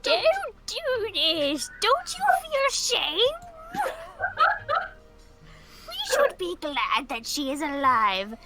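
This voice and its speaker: A woman voicing a gentle church caretaker. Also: high-pitched, wildly swooping pitch, drawn-out words, pauses often, over music, heavily acted. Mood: scolding. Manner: soothing, reassuring. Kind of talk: reading a story game aloud in character.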